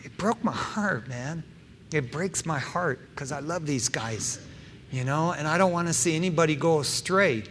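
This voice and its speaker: A middle-aged man preaching a sermon as pastor, emphatic, swinging between loud stressed phrases and soft asides, with casual fillers like "you know" and "man". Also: fairly high pitch, lively intonation, normal speed. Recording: long hall reverb with faint background noise.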